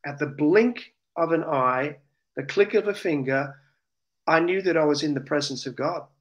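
A man's voice: on the high side, normal speed, dull audio. An Australian man, an interview guest, earnestly and emotionally recounting a personal testimony. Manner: earnest, emotional, animated retelling.

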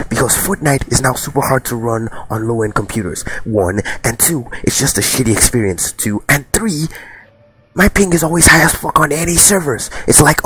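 Profane, rambling young gamer dude. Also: male voice, medium pitch, fairly bright tone, slightly rough. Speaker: gaming YouTuber. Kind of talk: casual gameplay commentary and rant. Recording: game music playing underneath. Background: racing game music and car sounds.

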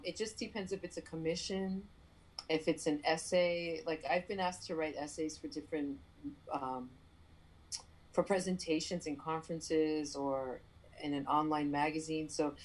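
Husky-voiced woman telling a story. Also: sits low, low-quality recording. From New York, Puerto Rican family. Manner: animated storyteller, acts out voices, many fillers and restarts. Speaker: playwright guest. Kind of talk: storytelling in an interview.

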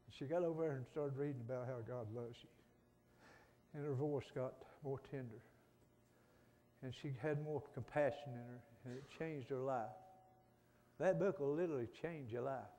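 Man, middle-aged preacher, folksy sermon, soft pleading to loud fervent, long church reverb. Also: mid-range voice, moderate pace, slight background noise. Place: church sanctuary.

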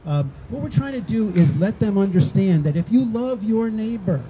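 A man's voice: high voice, lively intonation, moderate pace, noisy background. An older man, a rally organizer, speaking conversationally to a crowd outdoors and acting out quoted exchanges. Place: outdoors on a town green.

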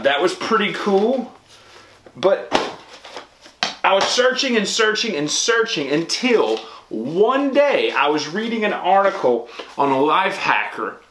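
A man's voice: on the high side, sharp tone. A man talking casually to camera in a chatty, rambling way, with many restarts and ums. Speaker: pastor and vlogger. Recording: echoey room with clear background noise.

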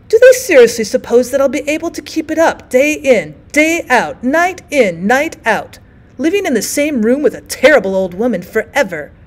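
A woman's voice: on the high side, a little mellow. Woman doing a bitter bedridden old woman.

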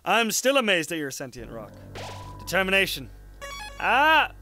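A man's voice: high voice, huge pitch swings, normal speed, pushed and bright, soft background music. A young man casually commenting on his gameplay, cursing and mocking himself. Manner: casual, swearing, self-mocking, laughs often. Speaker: let's play host.

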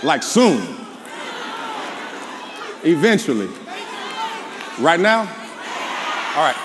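A man with a Southern American accent, a pastor preaching a sermon, calling out to the congregation and then dropping into low asides. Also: big pitch swings, drawn-out words, long reverb tail. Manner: call-and-response preaching, swings from shouting to low asides. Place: large church before a live congregation. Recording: live church with crowd and noise. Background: congregation responding.

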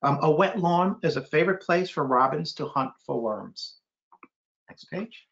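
A man's voice: a little slow, creaky, muffled recording. A middle-aged man reading a children's book aloud, breaking into playful bird call imitations. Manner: animated, mimics bird calls with sudden high hoots.

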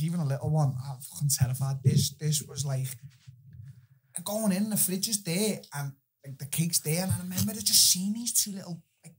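A young man, a podcast guest, telling animated, profane stories in casual chat and laughing through them. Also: high-pitched, breathy edge.

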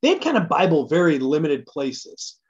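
Eager pastor with a slightly high voice. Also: male voice, sing-song, moderate pace. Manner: conversational and enthusiastic, thinking aloud. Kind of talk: casual midweek church talk. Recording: dull lo-fi recording.

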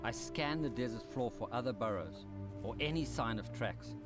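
Male documentary presenter, measured scripted voice-over with music behind, mid-pitched. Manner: calm, measured storytelling. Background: documentary score music.

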